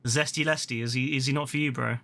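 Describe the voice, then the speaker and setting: A man giving casual, rambling gameplay commentary as a streamer, playful and quick to swear and laugh. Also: medium pitch, steady tone, gravelly, a bit bright. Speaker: gaming streamer.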